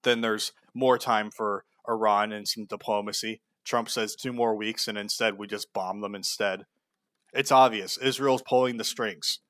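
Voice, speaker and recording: A man's voice: lowish voice, fairly even intonation, normal speed, fairly bright tone, no echo. A man giving heated, sarcastic political commentary, blunt and full of profanity. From United States.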